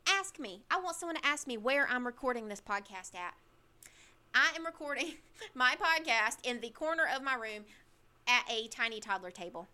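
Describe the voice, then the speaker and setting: A young woman with a lilt hosts her own podcast from a corner of her bedroom. Her voice sits a little high and sounds bright and lively. She talks in an emphatic, chatty way and drops self-deprecating asides. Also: moderate pace. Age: young adult. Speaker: podcast host. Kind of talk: casual advice monologue.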